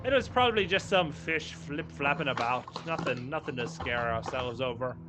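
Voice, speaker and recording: A man's voice: medium pitch, little pitch movement, a little slow, over music, close to an everyday voice. A man playing a dismissive, sarcastic male ship captain.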